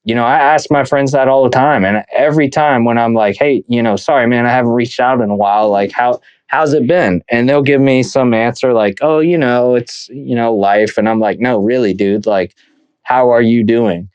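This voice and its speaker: A man's voice: medium pitch, brisk, hardly any pauses, darkish tone, smooth, dry recording. Chill earnest guy on a podcast, keeps saying man and dude, dry close sound. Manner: earnest, heartfelt, laid-back, says man and dude a lot. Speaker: podcast co-host. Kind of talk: casual podcast chat.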